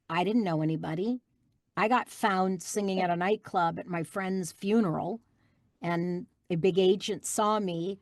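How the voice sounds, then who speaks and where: A woman's voice: medium pitch, dry recording. Emphatic woman voice actress in a dry room. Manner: emphatic, insistent, repeats key phrases. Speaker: guest voice actress. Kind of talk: interview answer.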